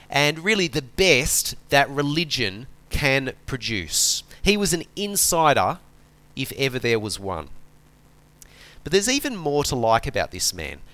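A man preaching a conversational sermon, relaxed and chatty, often asking his listeners rhetorical questions. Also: a little high, dry recording.

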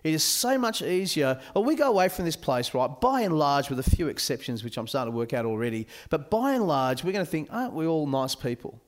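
Casting: male camp speaker, bright voice, swooping delivery, joking sermon to youths. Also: on the high side, fast, few pauses. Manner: animated, joking with a youth audience.

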